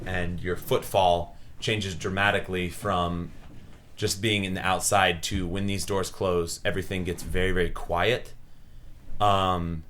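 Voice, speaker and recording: A man narrating as game master, relaxed and unhurried, with lots of ums. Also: deep voice, a little hiss or hum.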